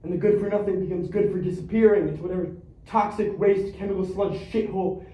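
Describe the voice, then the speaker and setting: A man's voice: high-pitched, fairly even intonation, fast talker, dull audio, natural voice. An actor on a theater stage playing a streetwise young man who believes he is Batman, talking in slang and acting out fights with sound effects. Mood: intense. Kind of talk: theatrical monologue. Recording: echoey stage recorded from far off.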